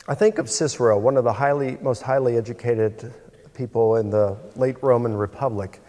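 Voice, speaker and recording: A man's voice: mid-range voice, darkish tone. A man questioning his opponent in a debate, conversational with frequent hesitations. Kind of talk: cross-examination in debate. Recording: reverberant hall.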